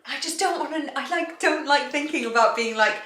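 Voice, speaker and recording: A woman's voice: sits high, fairly quick, fairly bright tone. A pregnant woman in her twenties chatting on a sofa while eating, bubbly and chatty. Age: 20s. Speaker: vlogger. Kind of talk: casual chat. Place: living room sofa. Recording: roomy echo, faint noise.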